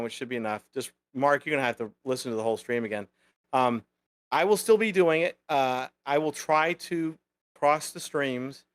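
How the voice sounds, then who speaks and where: A man's voice: mid-range voice, clean tone, no room sound. A man co-hosting a casual live chat stream, rambling with many fillers and restarts.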